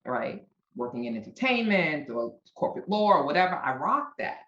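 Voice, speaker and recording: A woman's voice: deep voice, moderate pace. A middle-aged woman with a Brooklyn accent chats as a podcast guest, telling stories with plenty of laughs. Her voice sits in a roomy space, and the sound is slightly dull and muffled. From Brooklyn, New York. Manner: animated storyteller, laughs often. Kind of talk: casual interview chat.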